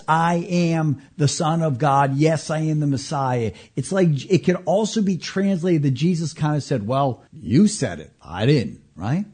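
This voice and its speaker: Animated male pastor, husky voice. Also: on the low side. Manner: animated storyteller, swings from loud emphasis to hushed near-whispers. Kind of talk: radio Bible teaching.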